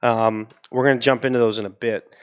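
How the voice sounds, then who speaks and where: A man's voice: medium pitch, steady tone, a little fast, clear, resonant tone, lo-fi sound. Easygoing New England man, rambling guest. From Maine. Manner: rambling, restarts a lot, easygoing. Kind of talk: casual podcast chat. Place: podcast studio.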